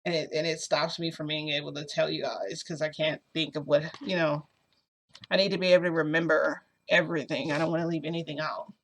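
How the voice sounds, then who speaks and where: A woman telling a long story to her camera in a rambling, animated way, with lots of fillers, filmed indoors at home. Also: low voice, brisk. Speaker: vlogger. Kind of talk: casual storytelling vlog. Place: indoors at home under a bright light.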